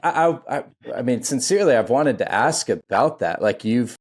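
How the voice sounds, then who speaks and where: A man's voice: medium pitch, animated, moderate pace, breathy edge. A podcast host speaking thoughtfully and hesitantly to his guest, searching for words. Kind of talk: casual interview chat.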